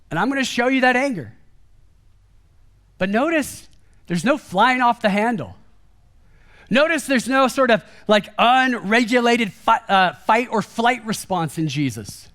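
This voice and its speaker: A man preaching a sermon in a casual, conversational way, animated and acting out quoted lines. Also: sits high. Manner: casual and chatty, peppered with "like" and "kind of"; animated, acts out quoted speech with a raised voice. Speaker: guest preacher. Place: church service.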